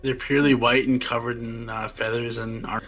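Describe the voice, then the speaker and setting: Male co-host, mid pitch, dry deadpan humor, casual stream chat. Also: normal speed, faint music behind, low-quality recording. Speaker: guest co-host.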